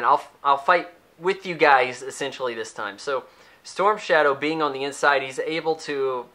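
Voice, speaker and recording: Bright-voiced ranting male movie reviewer. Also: medium pitch. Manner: sarcastic, rambling, acts out characters' lines.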